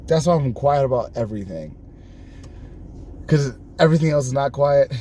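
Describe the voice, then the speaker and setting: A man chatting casually on a live stream, telling stories in an animated way, laughing often and acting out the lines people said to him. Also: mid-range voice, moderate pace, slight background noise.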